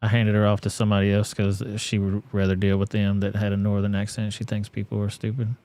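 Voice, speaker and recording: Low, mellow Southern-accented man, blunt. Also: completely flat delivery, fast talker. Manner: profane, blunt, rambling. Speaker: commentary channel host. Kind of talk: casual reaction commentary.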